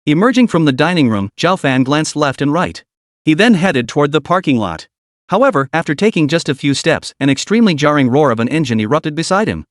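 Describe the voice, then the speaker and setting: A male narrator reading a scripted story recap with dramatic delivery. His voice sits fairly high for a man and moves about a lot in pitch, with dry, close sound and no room echo. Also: big pitch swings, brisk.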